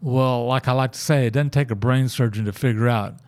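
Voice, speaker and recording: A man with a drawl tells a Bible story the way he'd chat on a porch, folksy and easygoing. He slips into the voices of the people he quotes. His pitch sits in a plain middle range. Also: fairly quick, a little mellow. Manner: folksy, conversational, acts out quoted lines. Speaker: church member sharing his faith story. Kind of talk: casual testimony and Bible storytelling.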